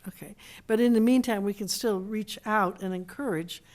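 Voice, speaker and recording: A woman council member at a city council meeting, talking in a halting way with many restarts and slowing down to read from a text. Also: mid-range voice, a little mellow. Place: council chamber.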